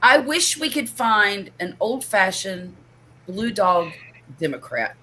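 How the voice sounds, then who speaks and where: An older woman hosting a casual chat, expressive and chatty. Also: medium pitch, takes it slowly, slight background noise. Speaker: host.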